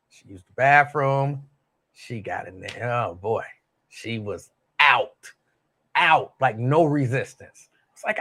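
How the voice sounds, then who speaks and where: Older man rambling through a lively story. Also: mid-range voice, slow pace. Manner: rambling, storytelling, laughs easily, Southern US Black vernacular. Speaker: host. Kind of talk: casual solo talk show chat.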